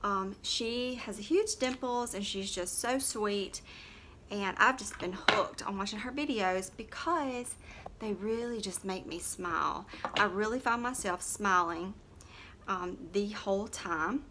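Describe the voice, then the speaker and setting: In a casual makeup tutorial, a woman, a nurse and makeup vlogger, speaks slowly in a mid-range voice, wandering from topic to topic and saying things plainly as she applies her makeup. The background is noisy.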